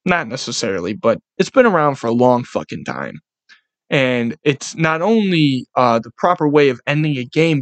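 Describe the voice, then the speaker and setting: Brief: young guy, solo sports podcast rant, profane and animated, dry close sound. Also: fairly high pitch, no echo. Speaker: podcast host.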